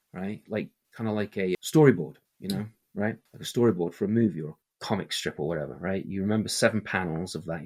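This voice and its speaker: Storyteller guy on a podcast, slightly low voice, lively, keeps saying "right?". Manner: animated, peppers speech with "right?". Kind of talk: casual podcast interview.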